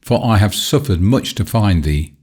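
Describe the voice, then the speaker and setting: A man's voice: lowish voice, animated, normal speed, darkish tone, husky. A man voicing a ragged beggar woman who pleads with her lost son in archaic speech in a storybook reading. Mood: pleading.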